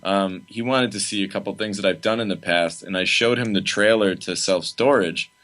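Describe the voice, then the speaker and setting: Low-voiced man chatting loosely. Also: moderate pace. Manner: relaxed, rambling, many fillers. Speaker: film director, guest. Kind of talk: casual interview chat.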